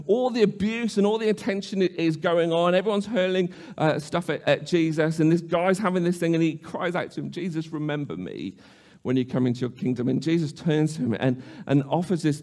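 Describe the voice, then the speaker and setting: A man preaching a sermon in a slightly higher-than-usual voice. He talks in an earnest, reflective way, often restarting his sentences and asking questions aloud. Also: a little mellow.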